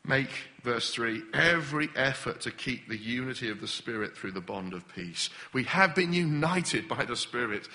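Man preaching, bright voice, somewhat high, animated delivery. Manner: animated, acts out impatient voices. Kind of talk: sermon.

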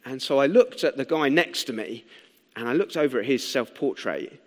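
A man's voice: mid-range voice, moderate pace. Man preaching in an echoing hall. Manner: conversational, animated storytelling with rhetorical questions. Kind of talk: sermon. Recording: long hall reverb.

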